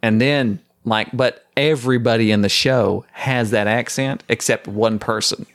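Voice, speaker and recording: A man's voice: medium pitch, steady tone, a little slow, a bit bright. A man co-hosts a casual podcast, riffing on ideas and teasing his partner. His voice sits in an ordinary middle range. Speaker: podcast co-host. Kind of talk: casual chat.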